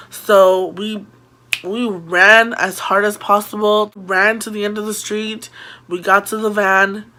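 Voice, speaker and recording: A woman vlogger spins a story to camera with a bright, sharp edge to her voice. She talks casually and keeps it lively, dropping in fillers and acting out what people said. Her pitch sits in the middle of the usual range. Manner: animated, filler-heavy retelling with quoted voices.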